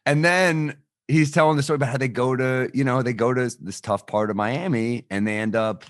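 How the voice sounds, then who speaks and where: A man co-hosting a podcast, telling a lively anecdote in casual chat and swearing freely. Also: medium pitch, a little fast, dry recording, studio quality. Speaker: podcast co-host.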